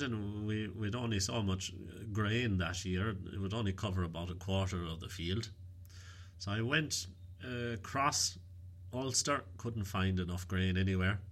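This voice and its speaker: Casting: man doing deadpan countrywoman, bright voice, tall-tale teller. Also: fairly low pitch. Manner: calm, matter-of-fact, deadpan exaggeration.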